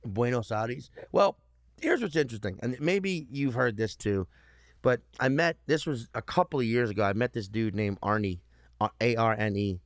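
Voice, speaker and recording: A man's voice: mid-range voice, normal speed, no echo, studio quality. A man talking casually, rambling and joking with lots of fillers, restarts and swearing. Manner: rambling, searching for words with many fillers and restarts; profane, joking. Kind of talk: casual conversation.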